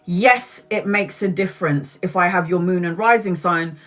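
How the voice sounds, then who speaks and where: A woman's voice: on the low side, normal speed, soft background music. A woman, a tarot reader, chatting casually on a live stream and telling stories with frequent laughter and the odd swear word. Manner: animated storytelling, laughs often, swears casually.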